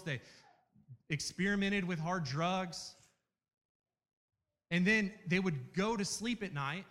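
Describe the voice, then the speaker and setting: A man in his thirties preaching a sermon, earnest and emphatic, repeating key phrases with dramatic pauses. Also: a little high, fairly bright tone. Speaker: campus minister preaching. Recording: reverberant hall.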